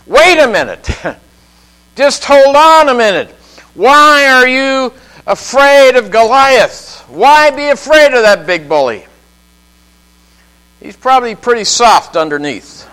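Bold young hero, man, defiant and confident; preacher plays him high and sure. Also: lively intonation, takes it slowly, pauses often, pushed and bright, smooth, exaggerated voice, poor audio.

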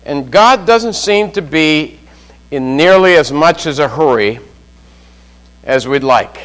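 Slow-preaching man with a high voice. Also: lively intonation, a bit bright, rough recording. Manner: slow, measured preaching with questions to the congregation. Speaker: pastor. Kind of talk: sermon.

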